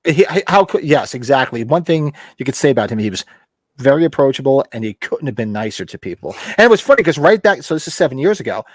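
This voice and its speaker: A middle-aged man hosting a casual chat, telling animated stories and acting out quotes. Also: medium pitch, quick pace, no room sound. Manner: animated anecdotes with acted-out quotes. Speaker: host.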